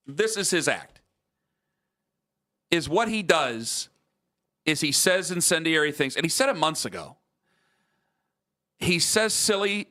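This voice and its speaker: A male sports radio host with a bright, forceful voice that sits a little high. He talks fast in bursts and leans hard on his points, voicing other people as he tells a story. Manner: animated, emphatic, mimics others in quotes. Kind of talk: sports talk radio banter.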